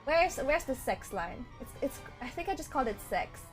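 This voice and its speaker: High-voiced woman streamer, laughing and rambly. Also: very animated, normal speed. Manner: laughs often, swears casually, rambly. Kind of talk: casual livestream chat, reading chat aloud. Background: faint game-soundtrack music.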